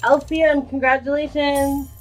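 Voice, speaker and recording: Chatty woman streamer, slightly high voice. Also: flat delivery, moderate pace, faint music behind. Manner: chatty, reads viewer names and answers chat. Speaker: streamer running a giveaway. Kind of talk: casual live-stream chat.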